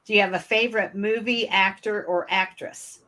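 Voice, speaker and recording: A woman's voice: medium pitch, steady tone, moderate pace, bright, forceful tone. A woman from Michigan with a northern US accent, hosting a podcast interview in a friendly, chatty way with fillers. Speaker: podcast host. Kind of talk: casual interview.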